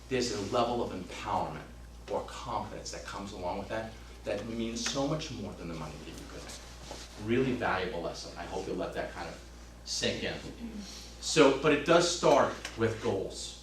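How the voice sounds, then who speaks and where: A man in his fifties gives a fired-up motivational talk to trainees. His voice sits fairly low and carries some distance from the mic. It echoes around the room over a faint hum. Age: 50s. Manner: energetic, emphatic, swings from loud to hushed. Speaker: real estate trainer.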